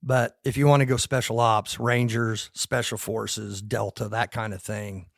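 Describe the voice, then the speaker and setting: A man's voice: fairly low pitch, little pitch movement, a little slow, creaky, no echo, clean studio sound. A man with a Midwestern American accent, a podcast host who talks easily and asks short follow-up questions. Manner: easygoing, affirming, asks short follow-ups. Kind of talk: casual interview chat.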